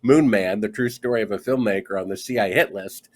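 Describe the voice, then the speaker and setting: Low-voiced man telling an animated story. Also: brisk. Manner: animated storyteller acting out quoted dialogue. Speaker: guest author. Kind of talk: conversational interview.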